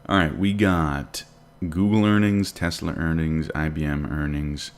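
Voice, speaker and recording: A man's voice: extremely low pitch, fairly even intonation, a little slow. A man hosting a live day trading stream, chatting casually and answering viewer questions while he watches the charts. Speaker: day trading livestream host.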